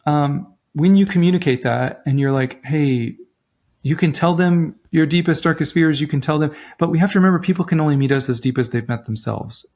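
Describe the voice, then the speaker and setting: Co-host, male, higher register, animated advice-giver who quotes people as he goes. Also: brisk. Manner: animated, acts out quoted voices, many restarts. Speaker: relationship podcast co-host. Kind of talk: casual advice chat.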